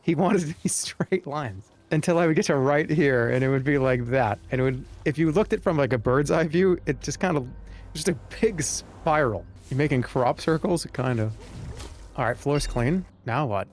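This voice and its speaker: Here a man with a fairly high-pitched voice speaks at a moderate pace while commentating on a game he's streaming live. He rambles, cracks jokes, and keeps chatting with his viewers.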